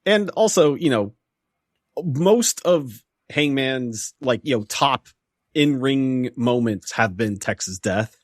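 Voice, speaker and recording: Man with lively, relaxed podcast quips. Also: medium pitch, slow, no echo, clean studio sound. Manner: relaxed, short quips and giggles. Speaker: podcast co-host. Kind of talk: casual wrestling chat.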